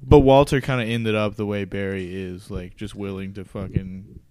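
A man's voice: fairly low pitch, fairly even intonation, normal speed, noisy background. A young man co-hosting a podcast, teasing his friends in laid-back chat. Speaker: podcast co-host. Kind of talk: casual podcast banter.

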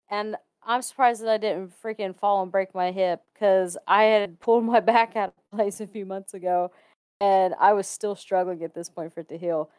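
A woman's voice: mid-range voice, steady tone, normal speed, a little mellow, clear, resonant tone, no echo. A woman casually telling a personal ghost story, chatty and laughing often between sentences.

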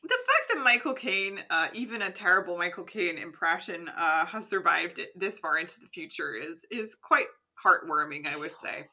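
Bright, wry female podcast co-host. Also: on the low side, expressive, moderate pace, hardly any pauses. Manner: dry, wry remarks with frequent laughs. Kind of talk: casual podcast chat.

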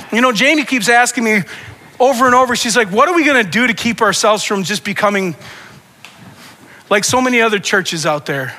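A man's voice: extremely high pitch, pushed and bright. A man preaching a sermon as pastor, with impassioned, repetitive preaching that builds in intensity. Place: church sanctuary. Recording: long reverb of a church hall.

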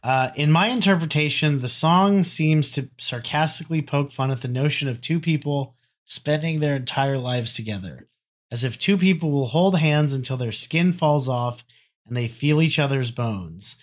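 A man's voice: fairly high pitch, moderate pace. Sarcastic young man reading out song notes. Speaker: podcast co-host. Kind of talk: casual chat, reading out song annotations.

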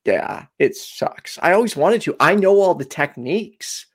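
A man co-hosts a casual call-in show, talking in a rambling way full of fillers and restarts. His voice has a gravelly fry, and his pitch swings around a lot. He keeps it loose and chatty. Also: animated, unhurried.

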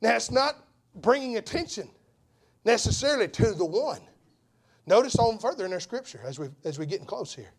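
A man preaching an impassioned sermon as an evangelist, repeating phrases for emphasis and swinging from hushed tones to shouts. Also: high voice, sing-song, a little fast.

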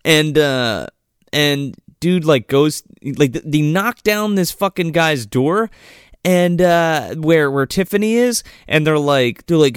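A man's voice: on the high side, slow pace, smooth, dry recording, clean studio sound. A man casually recapping a movie with friends, rambling and swearing, jumping into quoted voices. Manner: rambling, profane, acts out characters in quotes.

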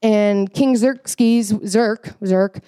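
A woman teaching children a Bible story in a casual, animated way, often checking in with her listeners. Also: mid-range voice, drawn-out words, clean tone, no echo, clean studio sound. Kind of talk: animated storytelling lesson for kids.

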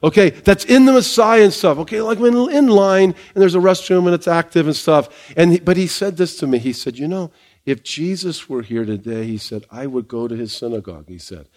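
A man preaching a sermon as pastor, talking to the congregation in a conversational way, with stories, restarts and asides, and slowing down to stress key phrases. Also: a little high, darkish tone. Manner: emphatic, slows down on key phrases.

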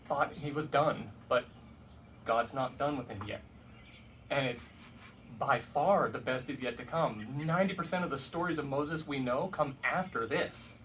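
A man's voice: mid-range voice, a bit bright. A man telling a Bible story in a casual, conversational way, with humorous asides. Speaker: Bible teacher. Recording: distant mic with faint background noise.

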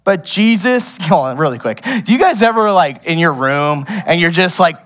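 A young man preaching a sermon as pastor, animated and laughing often, drifting into playful tangents. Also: fairly high pitch, normal speed, few pauses.

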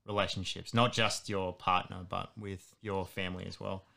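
Woman host in her late 30s, extremely low voice, supportive and hesitant. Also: little pitch movement, vocal fry, pushed and bright. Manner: supportive, asks halting questions. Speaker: interview host. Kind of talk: casual interview.

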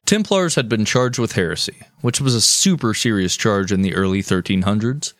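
A man's voice: on the low side, normal speed, fairly bright tone, dry recording, clean studio sound. A man hosting a casual podcast, telling history in a profane, jokey way. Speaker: podcast host.

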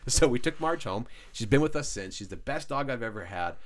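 Fast-talking, animated male podcast host. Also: medium pitch. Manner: lively storyteller who acts out quoted voices. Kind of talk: casual chat.

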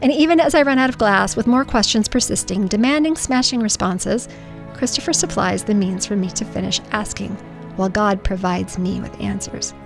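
A woman's voice: mid-range voice, normal speed, gravelly, music in the background. A middle-aged woman reading her own personal story aloud in an earnest, emotional way. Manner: emotional, earnest storytelling with spoken sound effects. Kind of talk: personal memoir narration.

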